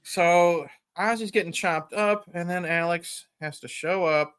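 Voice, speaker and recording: Podcast host guy, bright and a bit high-pitched, rambling chuckly film recap. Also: unhurried, clean tone. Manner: rambling, chuckling retelling with frequent "you know". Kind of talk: casual chat recapping a film.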